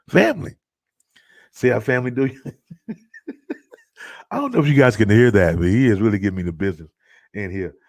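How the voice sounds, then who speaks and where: A man's voice: lowish voice, a little mellow, no room sound, studio quality. A middle-aged man hosting a live stream from home, talking loosely with lots of fillers and restarts. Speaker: host of a live stream show. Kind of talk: casual live-stream chat. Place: at home, child heard nearby.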